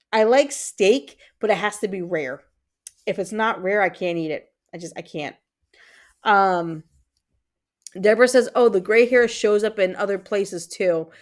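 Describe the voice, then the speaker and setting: A woman in her thirties with a Puerto Rican accent, hosting a casual livestream and chatting with viewers, reading comments aloud and rambling with fillers. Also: medium pitch. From Puerto Rico. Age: 30s. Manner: chatty, reads out chat comments, frequent fillers and repeats. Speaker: livestream host.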